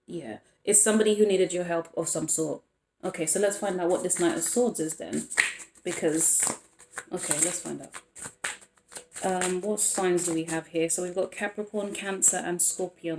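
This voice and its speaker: A woman's voice: lowish voice, darkish tone. A woman giving a casual tarot reading, rambling and breaking off mid-thought with frequent small laughs. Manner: rambling, self-interrupting, laughs often. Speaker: tarot reader. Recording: roomy echo.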